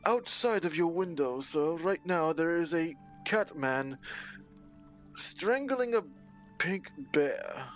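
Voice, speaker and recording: A man voicing a dutiful male servant to a vampire, speaking quietly and deferentially in a tabletop game. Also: on the high side, animated, slow, soft background music.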